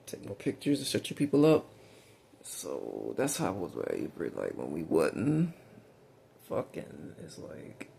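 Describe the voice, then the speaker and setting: A middle-aged man with a Southern US drawl and a heavily gravelly voice that rises and falls in a lively way. He rambles frankly and profanely, with many fillers and restarts. A faint background hiss sits behind him. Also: low-pitched, measured pace. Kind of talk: rambling personal monologue.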